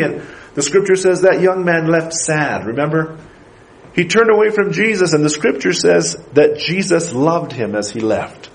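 A man with a high voice preaches a sermon to his congregation in church. He builds to emphatic bursts and often stops to ask the congregation questions. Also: expressive, normal speed, low-quality recording. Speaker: pastor.

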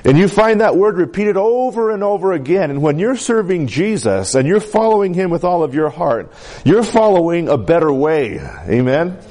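A man delivering a sermon in a fairly high voice that swoops and climbs with emphasis. He leans hard on key words and keeps asking the congregation for an amen. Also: big pitch swings, normal speed, dark tone. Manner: emphatic preaching with congregation call-outs. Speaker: pastor.

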